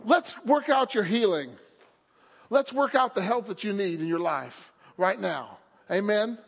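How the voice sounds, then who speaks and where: High-voiced husky male preacher. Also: animated, measured pace. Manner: fervent preaching, calls for amen. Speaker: pastor. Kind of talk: sermon. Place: church sanctuary. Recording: echoey hall, dull lo-fi audio.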